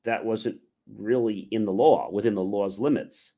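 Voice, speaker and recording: A man's voice: on the low side, moderate pace, dark tone. A man hosting a livestream, telling a rambling personal story and acting out the other people's lines with many fillers and restarts. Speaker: livestream host.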